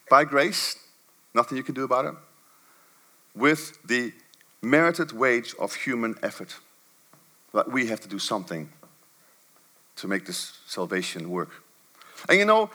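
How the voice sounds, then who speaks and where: A male preacher delivering a sermon in a fairly high, bright voice. His pitch roams widely, sinking to low, quiet asides and then climbing to sharp, emphatic bursts. It is the sound of a man working a church congregation.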